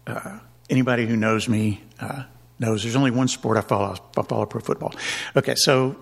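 A man's voice: mid-range voice, fairly even intonation, a little fast, vocal fry. A man giving a rambling personal testimony in church, with many restarts and chuckles.

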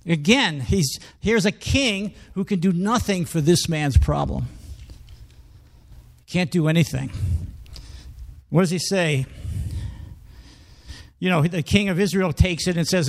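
A man's voice: high voice, a little slow, gravelly, pauses often. A man preaching a sermon in a conversational, emphatic way, reading scripture and acting out quoted speech.

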